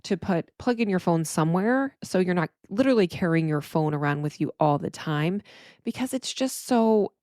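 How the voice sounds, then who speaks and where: Candid woman therapist, low dry voice. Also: expressive, moderate pace, a little mellow, dry recording. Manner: candid, emotional, rambling with frequent restarts. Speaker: therapist and podcast host. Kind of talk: reflective solo podcast monologue.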